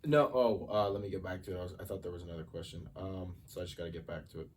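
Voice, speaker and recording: A man's voice: low-pitched, steady tone, rapid-fire, a little mellow. A man co-hosting a podcast in casual chat, laid-back, laughing easily and swearing often. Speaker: podcast co-host. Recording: distant mic with faint noise.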